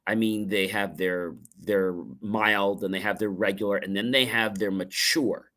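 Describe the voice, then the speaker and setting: A man's voice: on the low side, fairly even intonation, unhurried, few pauses, pushed and bright. A man hosting a livestream, giving a motivational talk about asking good questions and acting out short dialogues playfully. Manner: playful, lingers on words, acts out dialogue. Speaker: livestream host. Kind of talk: motivational talk with acted examples.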